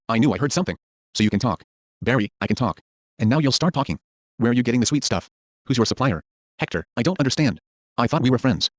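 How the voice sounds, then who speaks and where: A man reading a film script aloud, speaking the character names and stage directions in one even voice. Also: mid-range voice, no room sound. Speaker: script reader. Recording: dull lo-fi dry recording.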